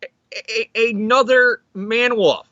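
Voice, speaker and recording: A man co-hosting a casual comic book chat, excitedly acting out characters as he recaps the story. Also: very high-pitched, slow pace, no room sound, muffled recording. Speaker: podcast co-host.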